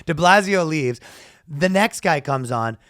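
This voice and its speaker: Podcast co-host, man, high lively voice, comic storyteller who shouts his impressions. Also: unhurried, clean tone, dry recording, clean studio sound. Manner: animated, acts out announcers with loud shouted quotes. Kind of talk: casual comedic storytelling.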